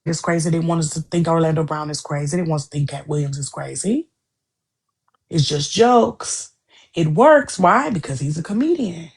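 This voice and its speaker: A woman's voice: low-pitched, lively intonation, brisk, hardly any pauses, slightly rough. A woman co-hosting a podcast, talking in a heated, profane, repetitive way in casual chat. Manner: heated, profane, repeats herself.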